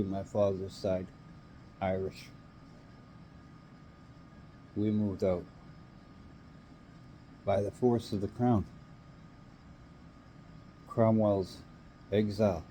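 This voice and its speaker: Low, mellow-voiced man ranting angrily. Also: slight background noise. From Canada. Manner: angry, emphatic, swearing. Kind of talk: ranting monologue.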